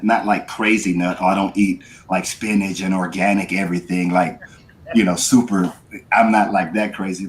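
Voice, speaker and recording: Man, business owner guest, very deep voice, easygoing, faint noise behind. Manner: easygoing, full of fillers. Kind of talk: casual interview chat.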